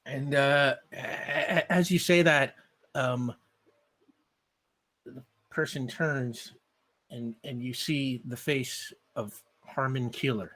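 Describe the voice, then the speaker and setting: Halting man narrating as game master. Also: medium pitch, fairly even intonation, fairly bright tone. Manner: halting, stacks repeated words and fillers.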